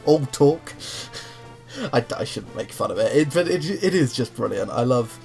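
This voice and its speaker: A man's voice: mid-range voice, lively intonation, a little fast, vocal fry, darkish tone, faint music behind. A young man giving casual gameplay commentary, giggly, rambling and easily distracted. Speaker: let's play commentator.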